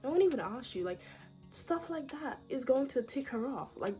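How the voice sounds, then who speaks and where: A woman's voice: high voice, expressive, moderate pace, a little mellow, soft background music. A woman giving casual, opinionated commentary on a reality show, talking straight to her viewers and often saying "like, girl".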